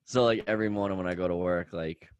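A young man co-hosting a casual podcast, teasing his co-host deadpan and putting himself down. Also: deep voice, quick pace, smooth, no room sound, lo-fi sound. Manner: deadpan teasing, self-deprecating.

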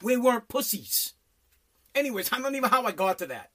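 A man's voice: extremely high pitch, fast. A middle-aged man telling a blunt, profane story in a casual rant. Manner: animated, profane, blunt storytelling with mock voices.

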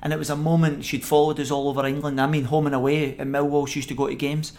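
A middle-aged Scottish man, a former footballer, telling animated stories as a podcast guest with frequent laughs. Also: fairly high pitch, fast, a little hiss or hum. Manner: animated anecdote-telling, acts out quoted voices, laughs often. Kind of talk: podcast interview storytelling.

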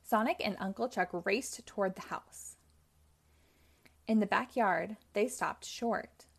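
A woman's voice: mid-range voice, slow. Woman reading a children's story aloud. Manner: clear, even storytelling. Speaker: host. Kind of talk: children's book read-aloud.

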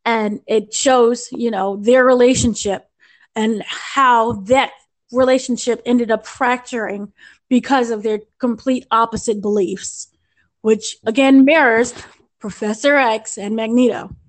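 A woman's voice: on the high side, steady tone, unhurried. A young American woman reviewing a film on a podcast, gushing and rambling with restarts and fillers. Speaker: entertainment editor reviewing a film.

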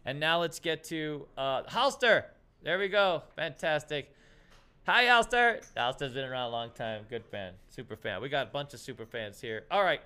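A man hosting a casual stream, excitable and rambling, calling people "dude". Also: medium pitch, moderate pace, clean tone. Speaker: host. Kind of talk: casual livestream chat.

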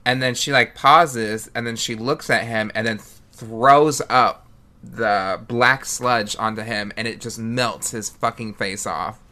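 A man's voice: medium pitch, steady tone, unhurried, sharp tone. A man hosting a podcast, chatting casually and animatedly, swearing freely and laughing often. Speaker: podcast host.

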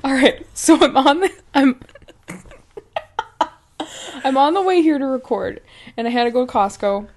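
A woman's voice: sits high, normal speed, long pauses, darkish tone. A woman co-hosting a podcast, telling stories in casual chat, swearing freely and laughing often. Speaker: podcast co-host.

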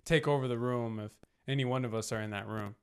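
A man's voice: medium pitch, steady tone, fast talker, clear, resonant tone. A young man co-hosting a family podcast, reflective and easygoing in casual chat. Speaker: podcast co-host.

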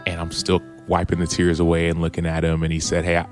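Deep-voiced man telling a heartfelt story. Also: monotone, quick pace, soft background music. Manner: earnest, open, retelling quotes with frequent restarts. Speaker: podcast guest, former football player. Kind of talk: reflective storytelling.

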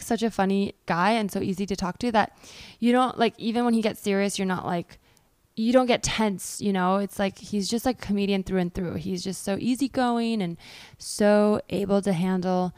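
A woman's voice: mid-range voice, moderate pace, a little mellow, no echo. A chatty woman hosts a podcast. She talks in a mid-range voice, candid and self-deprecating, with plenty of ums. The sound is dry and close to the mic. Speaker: podcast host. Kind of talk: casual podcast chat and clip introductions.

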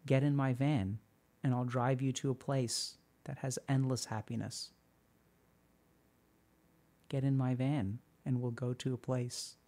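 A man putting on the voice of an eerily calm, overly blissful creepy man, speaking in a flat, soft, serene way. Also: mid-range voice, measured pace, pauses often, pitched below the performer's own voice, natural voice. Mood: eerie bliss.

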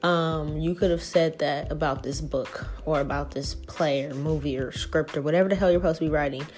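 A woman giving a casual, profane spiritual reading who acts out people's reactions in quick little voices. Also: deep voice, steady tone, darkish tone, faint music behind. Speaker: tarot reader.

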